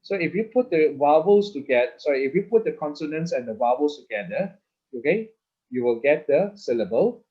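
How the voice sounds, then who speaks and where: A man's voice: fairly high pitch, animated, a little fast, husky, highs cut off. A man teaching an online class, explaining patiently and checking in with "okay?" after nearly every phrase. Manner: patient, repeats words, frequent "okay?" checks. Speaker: Hebrew teacher. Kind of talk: online lesson with slides.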